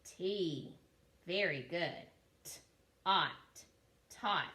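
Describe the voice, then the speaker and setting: A woman's voice: medium pitch, lively intonation, bright, forceful tone. A woman teaching young children a phonics lesson for a virtual class, patiently sounding out short words and praising them. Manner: slow, drawn-out sounding out of words. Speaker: kindergarten teacher.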